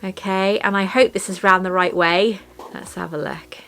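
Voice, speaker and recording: A woman's voice: medium pitch, fairly even intonation, moderate pace, fairly bright tone, soft background music. A woman chatting to her camera as she unboxes jewellery, gushing and emotional. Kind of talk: casual unboxing chat.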